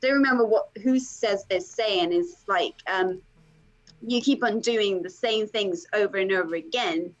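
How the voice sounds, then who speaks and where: A woman coach speaks emphatically and with lively energy, dropping "okay" and "like" between her points. Her voice has a middle pitch. The call audio sounds slightly dull and muffled. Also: a little slow. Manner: animated, emphatic, uses lots of "okay" and "like". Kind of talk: interview guest.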